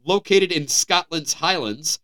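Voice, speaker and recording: An American podcast co-host reads out headlines in a casual, joking manner, tripping over words now and then. His voice sits a little high, with a measured pace and a bright, forceful tone.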